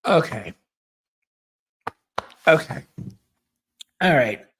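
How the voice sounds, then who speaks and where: A man hosting a live stream who reads out messages from his members and thanks each one. He speaks at an unhurried, drawn-out pace, and his voice sits at an ordinary middle pitch. He is openly emotional and effusive in his thanks. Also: lively intonation. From United States. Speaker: channel host reading member messages. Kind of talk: live-stream chat reading.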